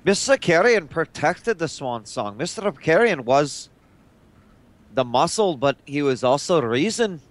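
A man with a somewhat high voice plays a tabletop role-playing game. He speaks bluntly in his character's voice and swears along the way. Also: sing-song, moderate pace. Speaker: player.

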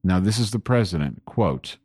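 A man's voice: deep voice, animated, normal speed, dark tone, husky, no room sound, studio quality. A man hosting a home-recorded podcast, talking in a rambling, profane political rant that grows angry. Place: home desk. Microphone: desk microphone pointed at keyboard.

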